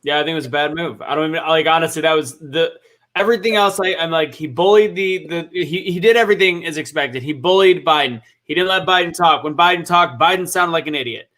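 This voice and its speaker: A man with a fairly high, bright and tense voice argues politics. He keeps breaking off and restarting his sentences out of frustration. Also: fast. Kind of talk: heated political discussion.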